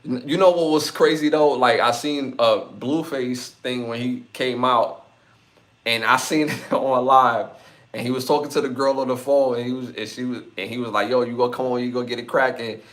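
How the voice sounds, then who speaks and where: A man's voice: mid-range voice, fairly even intonation, moderate pace, fairly bright tone. Laughing, slangy male podcast host. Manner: laughs often, loose slangy banter. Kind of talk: casual live-stream chat reading comments.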